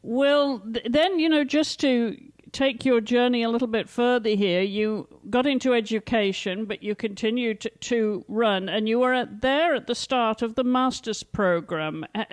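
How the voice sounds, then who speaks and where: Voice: medium pitch, dry recording. A podcast host asking loose, meandering questions in an interview, with frequent restarts.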